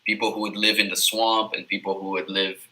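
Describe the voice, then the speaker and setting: Bright-voiced man from Miami, lower pitch. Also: flat delivery, brisk, poor audio. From Miami, USA. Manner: loose, rambling, lots of "like" and "you know". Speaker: native English tutor, guest. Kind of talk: casual chat on a live video session.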